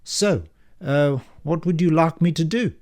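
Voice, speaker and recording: A man's voice: fairly high pitch, a little slow, darkish tone, pitched above the performer's own voice, close to an everyday voice. A man doing a theatrical, raised-voice bank officer. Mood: businesslike. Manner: exclamatory, theatrical disbelief. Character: dramatic, skeptical male bank loan officer.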